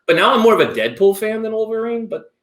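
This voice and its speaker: A man in his thirties hosting a chat show, giggly and excitable, with lots of fillers. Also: high voice, fast, roomy sound. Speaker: show host. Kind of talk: casual chat.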